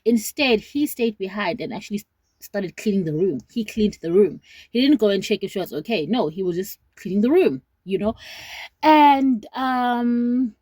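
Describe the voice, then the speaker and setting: A woman's voice: mid-range voice, animated, moderate pace, dark tone, dry recording. Earnest South African woman in her twenties. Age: 20s. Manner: earnest, rambling with restarts, Zulu words mixed in. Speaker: vlogger. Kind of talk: casual commentary to camera.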